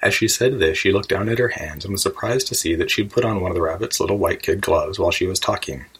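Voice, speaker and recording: A man narrating a storybook in a measured, even reading voice. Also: sits low, slightly rough, rough recording. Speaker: audiobook narrator.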